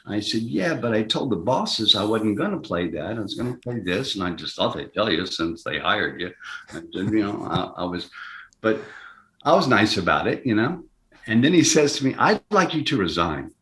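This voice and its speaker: An older man tells a long story as an interview guest. His voice sits lowish, and he stops and restarts often. He jumps up in pitch to act out the people he quotes, and the room around him is echoey. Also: very animated. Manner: acts out quoted voices, jumping higher and louder; halting, with many restarts. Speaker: actor guest. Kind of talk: anecdotal storytelling. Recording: roomy echo.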